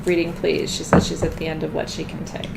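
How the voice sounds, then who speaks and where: Chatty gravelly woman reading cards. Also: low voice, monotone, fast talker, very noisy. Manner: chatty, laughs often, gets loud when joking. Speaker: tarot card reader. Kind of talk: live card reading, casual chat.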